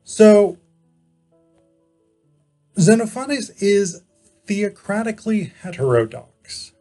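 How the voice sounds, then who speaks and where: A man giving an informal philosophy lecture. He explains in a measured way, pausing often and correcting himself as he goes. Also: high-pitched, very animated, dark tone, soft background music. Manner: measured explaining, frequent pauses and self-corrections.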